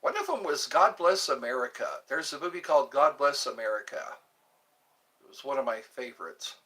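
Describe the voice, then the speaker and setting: A man's voice: medium pitch, very animated, a little fast, sharp tone. A man hosting a live stream, chatting casually and rambling between musings and viewer comments.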